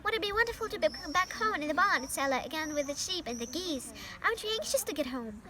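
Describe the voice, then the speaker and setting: A young woman voicing an earnest, excitable young male pig who pleads and cries out in a high voice, reading a storybook aloud. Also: fast. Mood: pleading.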